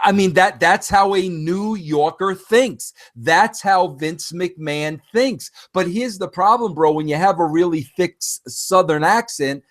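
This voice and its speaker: A man's voice: high voice, a bit bright. Emphatic New man on a podcast. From New York. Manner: emphatic, blunt, says "bro" constantly. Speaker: podcast co-host. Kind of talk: casual podcast chat.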